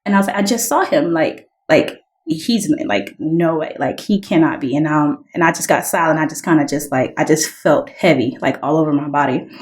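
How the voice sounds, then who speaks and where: On a podcast, a female guest with a low voice earnestly tells her personal story conversationally, sprinkling in lots of "like" and raising her voice to act out dialogue. Her intonation is lively, her pace moderate, and she barely pauses.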